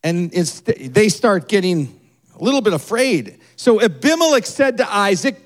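Animated high-voiced male preacher. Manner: animated, acts out the people in the story with quick shifts in voice. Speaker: pastor. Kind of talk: sermon.

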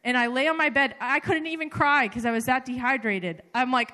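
A woman giving a sermon, telling personal stories in an animated, conversational way with many fillers. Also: high voice, brisk, few pauses. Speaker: preacher. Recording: reverberant hall.

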